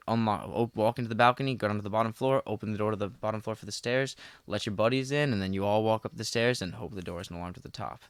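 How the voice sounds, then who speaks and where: A young man, a podcast guest, telling animated stories in casual chat, with lots of "like" and plenty of swearing. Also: fairly low pitch, clean tone, no echo. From Philadelphia area. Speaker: podcast guest, parkour athlete.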